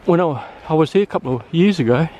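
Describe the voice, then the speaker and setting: A man's voice: on the high side, fast talker. Breathless man hiking, wind on the mic. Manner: relaxed, hesitant with many fillers. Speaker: outdoor vlogger. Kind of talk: casual vlog narration while hiking. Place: outdoors on a wooded trail. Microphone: handheld camera mic. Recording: wind noise on camera mic.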